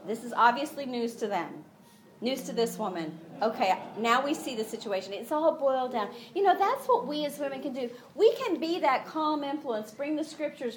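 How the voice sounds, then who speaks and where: A woman giving a conversational Bible teaching to other women, acting out the quoted lines with a lifted voice. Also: sits high. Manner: animated, acts out quotes with rising voice; conversational, frequent "you know".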